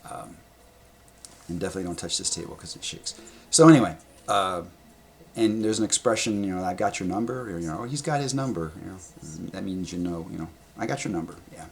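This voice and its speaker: A man with a low, gravelly voice tells rambling stories to a camera at a table indoors. He is animated and blunt, throws in sound words and swears casually. A faint hum sits behind him. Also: a little fast. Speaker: vlogger telling stories. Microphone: camera in front of him.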